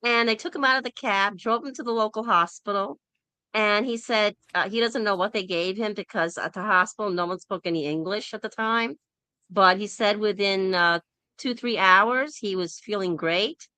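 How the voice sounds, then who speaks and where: A woman's voice: medium pitch, normal speed, clean tone, no room sound. A woman hosting a casual group discussion over an online call, telling stories and acting out the people in them. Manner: animated storyteller who acts out quoted people.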